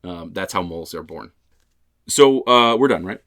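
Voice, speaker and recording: A man's voice: deep voice, lively intonation, normal speed, a bit bright. A man co-hosting a podcast, chatting casually about a film in a rambling, joking way with plenty of swearing. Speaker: podcast co-host. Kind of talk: casual film review chat.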